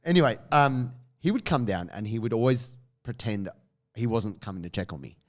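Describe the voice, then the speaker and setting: Animated man telling stories. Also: mid-range voice, a little fast. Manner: animated storyteller, swears, laughs often. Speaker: podcast co-host. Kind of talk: casual chat.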